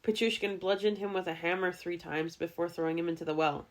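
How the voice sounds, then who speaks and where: A woman's voice: on the low side, fairly even intonation, fast. A woman podcast host recounting a true-crime case in a matter-of-fact way, with dry humor. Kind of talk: casual true-crime storytelling.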